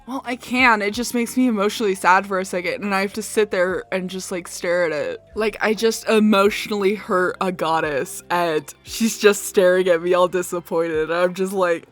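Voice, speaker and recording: A woman's voice: medium pitch, unhurried, a bit bright, faint music behind. A young woman chatting casually over a game build, rambling and mocking herself with frequent laughs. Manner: rambling, self-mocking, giggly. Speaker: Sims builder and YouTuber. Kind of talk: casual voice-over chat over a speedbuild.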